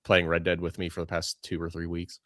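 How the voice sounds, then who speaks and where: A man's voice: low-pitched, completely flat delivery, a little fast, a bit bright, dry recording, clean studio sound. A young man co-hosting a podcast, chatting casually, ranting and going off on tangents. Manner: rambling, ranting, goes off on tangents. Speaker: podcast co-host. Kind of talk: casual chat.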